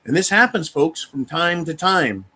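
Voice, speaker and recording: Male livestream host, bright and somewhat high voice, emphatic, blunt and profane. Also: a little slow, husky. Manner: emphatic and animated, addresses viewers as folks, swears freely. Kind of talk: casual livestream commentary.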